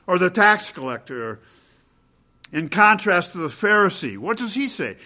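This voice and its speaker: A man preaching a sermon as pastor, swinging between loud emphatic peaks and hushed low passages, with rhetorical questions. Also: very animated, measured pace.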